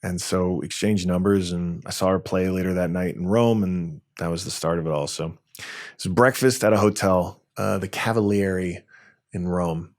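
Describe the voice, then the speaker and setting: A man in his forties from New York, a tech entrepreneur guest telling lively stories in a podcast interview. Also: sits low, normal speed. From New York, USA. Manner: lively anecdotal storytelling, acts out dialogue.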